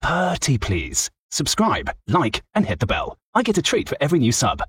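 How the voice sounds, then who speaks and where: A man's voice: on the high side, huge pitch swings, normal speed, fairly bright tone, voice pushed up. A man voicing a pet cat in a sing-song, begging voice. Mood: pleading.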